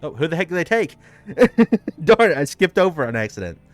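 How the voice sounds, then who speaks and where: A man's voice: on the high side, sing-song, moderate pace, dry recording, faint music behind. A man casually commenting while playing a game, self-mocking. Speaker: gamer. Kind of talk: gameplay commentary.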